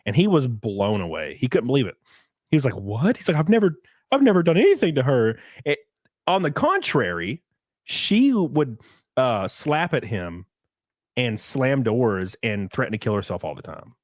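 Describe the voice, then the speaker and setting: A man's voice: mid-range voice, sing-song, a little slow, no room sound, clean studio sound. A young man in casual podcast chat, telling rambling stories, swearing and laughing often.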